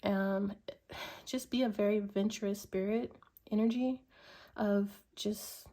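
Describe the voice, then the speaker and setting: A woman doing a tarot reading, musing slowly with many ums and likes. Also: medium pitch, steady tone, dark tone. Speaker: tarot reader.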